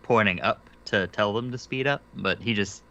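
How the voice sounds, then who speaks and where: A man's voice: fairly low pitch, normal speed, fairly bright tone, dull audio. A man co-hosting a podcast, throwing in wry, sarcastic quips. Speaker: podcast co-host. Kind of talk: casual podcast chat.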